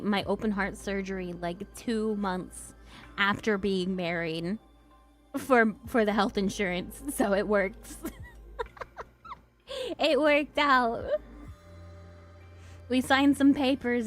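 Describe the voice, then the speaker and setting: A woman's voice: mid-range voice, slow pace, long pauses, soft background music. A young woman hosting her stream, chatting casually with viewers and laughing often. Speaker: streamer host.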